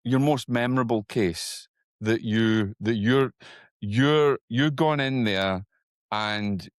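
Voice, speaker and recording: A man's voice: slow pace, no echo, studio quality. Eager Scottish man hosting an interview. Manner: eager, restarts often, rises in pitch when excited. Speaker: host. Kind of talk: casual interview talk.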